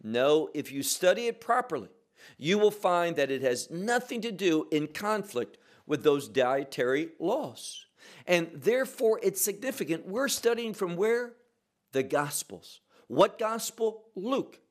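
A man's voice: high-pitched, sing-song. A man teaching verse by verse from the Bible, emphatic and posing questions he then answers himself. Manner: slow, emphatic, asks and answers his own questions.

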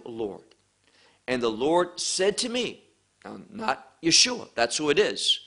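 Slow, bright-voiced male preacher. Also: medium pitch, very animated, husky. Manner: slow, emphatic teaching with scripture quotes. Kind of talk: sermon.

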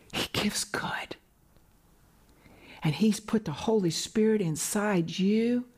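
A woman preacher giving an earnest sermon on a broadcast program, rising in pitch for emphasis and dropping to hushed whispers. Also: husky. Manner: earnest, swings between soaring and hushed whispers. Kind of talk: televised sermon.

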